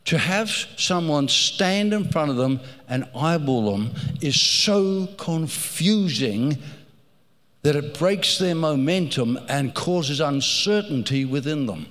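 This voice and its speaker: Male preacher, fairly high voice, slow unhurried delivery, animated storytelling sermon, hall reverb. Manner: animated, storytelling with rising emphasis and repeated phrases.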